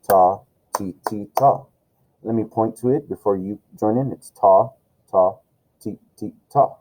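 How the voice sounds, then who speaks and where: A man's voice: low-pitched, warm tone, low-quality recording. A man teaching an online music lesson, loose and encouraging, talking with plenty of fillers. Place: home room with camera and tablet.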